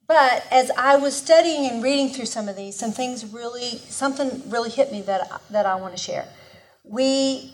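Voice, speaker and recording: Earnest woman teaching a Bible lesson. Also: a little high. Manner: earnest, conversational, often restarts mid-sentence.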